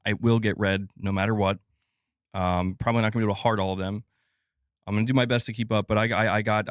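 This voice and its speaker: A man's voice: lowish voice, steady tone, fast talker, no room sound, studio quality. A man streaming gaming news, delivering an impassioned rant that is full of swearing and repeated words for emphasis. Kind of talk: live stream commentary rant.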